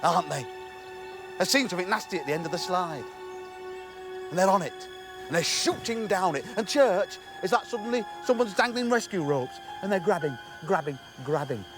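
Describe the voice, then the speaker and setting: A man's voice: high voice, expressive, normal speed, music in the background. A man playing a sneering cynical businessman. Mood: scornful. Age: middle-aged. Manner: mocking, sarcastic, loud. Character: sneering cynical middle-aged businessman Gordon. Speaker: stage actor. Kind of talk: stage play.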